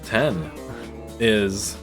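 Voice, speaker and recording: A man narrating as game master in a loose, casual way, laughing often and filling pauses. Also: lowish voice, expressive, music in the background. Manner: loose and laughing, many fillers.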